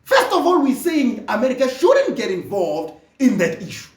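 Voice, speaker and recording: A speaker from Africa, delivering an impassioned political monologue that often rises to a shout. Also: mid-range voice, huge pitch swings, normal speed, roomy sound, distant mic. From South Africa. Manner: fervent, often rising to a shout.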